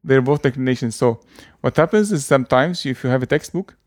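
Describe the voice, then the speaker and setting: Speaking at a medium pitch and a little fast, a language teacher gives a casual explanation in a dry recording with no room sound. He comes across as hesitant, stumbling into restarts and using lots of fillers.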